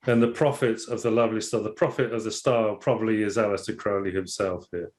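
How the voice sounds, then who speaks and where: A man's voice: fairly low pitch, steady tone, quick pace, darkish tone. Man musing over a tarot card. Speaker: tarot teacher. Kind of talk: casual explanatory discussion.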